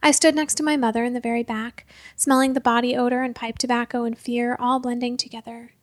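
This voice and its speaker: A woman narrating a story in the first person, measured and dropping to a hush at tense moments. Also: on the high side, little pitch movement, dry recording, clean studio sound.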